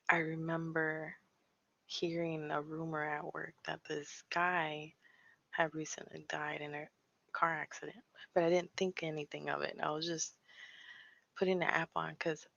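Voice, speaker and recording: A woman's voice: deep voice, creaky, fairly bright tone. A young woman from Pennsylvania telling a ghost story in a casual, nervous way, laughing often and dropping into whispers. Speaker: paranormal vlogger. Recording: slightly dull lo-fi sound.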